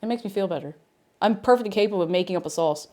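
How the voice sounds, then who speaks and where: A woman's voice: mid-range voice, very fast, a little mellow, soft background music. A woman streaming herself cooking in a home kitchen, chatting casually and mocking herself as she rambles. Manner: rambling, self-mocking, talks to herself and chat. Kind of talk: casual live-stream chat while cooking.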